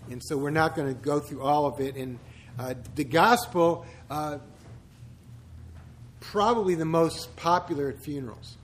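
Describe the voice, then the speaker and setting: A man's voice: fairly high pitch, unhurried, a little hiss or hum. A man, a pastor, giving a conversational church teaching full of humorous asides and rhetorical questions.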